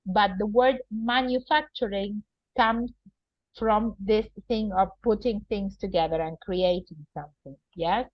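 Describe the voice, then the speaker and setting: A woman's voice: medium pitch, measured pace, no room sound. Woman, patient English teacher; dry, muffled recording. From Argentina. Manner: patient, explaining words and checking with "right?". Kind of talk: teaching a vocabulary lesson. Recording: dull, lo-fi and dry.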